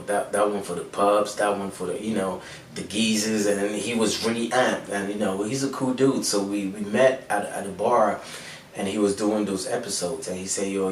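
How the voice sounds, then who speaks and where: A young rapper and producer with an American-sounding accent answers interview questions in a laid-back way, with many fillers and restarts. His voice is low. The recording has a roomy echo, a distant mic and a faint background hum.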